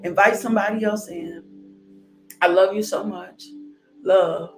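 A fervent woman preacher with a gravelly edge to her voice delivers a devotional close. She exhorts and blesses in drawn-out phrases while soft music plays faintly behind. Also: medium pitch, steady tone, roomy sound. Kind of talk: closing of a devotional sermon.

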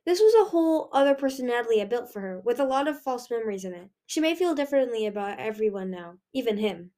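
A woman's voice: fairly high pitch, lively intonation, fast, warm tone, lightly acted. A woman voicing a sly male dragon who speaks dryly. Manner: dry, explaining.

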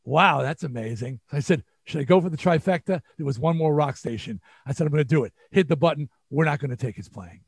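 A man's voice: on the high side, quick pace, creaky, few pauses, husky, dry recording. An older man with a New York accent, telling stories as an interview guest and acting out what people said. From New York area. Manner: animated, acts out quotes. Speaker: guest musician. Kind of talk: storytelling interview.

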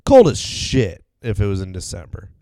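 A man's voice: fairly low pitch, wildly swooping pitch, moderate pace, mellow, dry recording. A man co-hosting a crude comedy podcast, rambling and laughing, with lots of fillers. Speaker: podcast co-host. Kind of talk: crude casual comedy chat.

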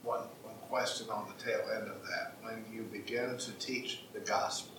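Low-voiced man asking questions from afar. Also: fairly even intonation, moderate pace. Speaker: class member asking questions. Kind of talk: classroom discussion. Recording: distant, echoey room with noise.

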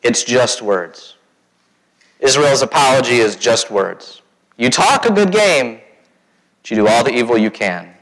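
A man's voice: medium pitch, animated, measured pace, long pauses, fairly bright tone. A pastor giving a conversational sermon, often asking his congregation questions and acting out quoted voices. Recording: long hall reverb.

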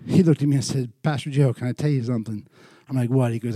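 A man preaching as a pastor, telling a story with animated swings from loud bursts to quiet, intimate passages. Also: mid-range voice, quick pace, slightly rough, dry recording, clean studio sound. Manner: animated, swings from shouting to hushed. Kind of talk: sermon storytelling.

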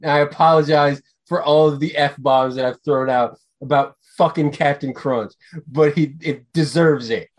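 A man co-hosting a podcast in casual chat, ranting with profanity and getting animated. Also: on the high side, normal speed. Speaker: podcast co-host.

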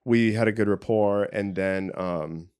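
Casual podcast guest: man, lower-pitched voice, rambling, self-deprecating delivery. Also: a little slow, a little mellow, clear, resonant tone. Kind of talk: casual chat.

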